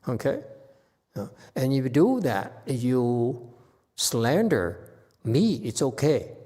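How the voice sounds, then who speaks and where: A man's voice: medium pitch, big pitch swings, slow, slightly rough. A male Buddhist teacher delivers a Dharma talk, speaking emphatically and pressing his points hard. His voice sits in a middle register. It rings with the long reverb of a hall. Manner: emphatic, rises into forceful exhortations.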